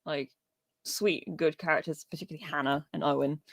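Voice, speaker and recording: A woman's voice: deep voice, steady tone, brisk, creaky, no echo. A woman co-hosting a podcast, chatting casually and rambling about films, laughing often and swearing now and then. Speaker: podcast co-host.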